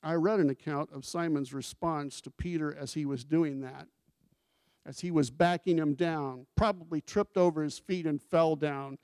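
Male pastor preaching, kinda high voice, chatty, asks the room questions, dry sound. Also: steady tone, moderate pace, darkish tone, no echo. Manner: conversational, asks the congregation questions; acts out scripture quotes with emphasis. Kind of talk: sermon.

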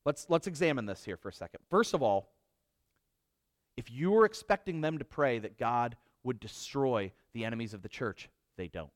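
A man preaching a sermon in an animated way, acting out quotes and adding jokey asides. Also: mid-range voice, moderate pace.

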